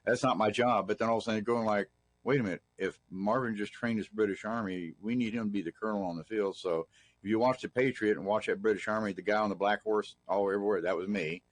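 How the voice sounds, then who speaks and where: A man's voice: fairly low pitch, fairly even intonation, fast. A middle-aged man from Texas, a guest telling rambling, folksy anecdotes about his film work with plenty of restarts. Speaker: guest, film weapons master. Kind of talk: storytelling interview.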